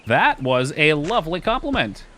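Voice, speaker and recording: A man streaming a game live, chatting casually and excitably, joking and swearing often. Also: on the high side, moderate pace, background noise.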